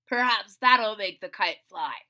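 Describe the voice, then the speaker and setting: A woman voicing a patient, encouraging frog in a storybook read-aloud, calm and reassuring. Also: medium pitch, unhurried, voice pushed down.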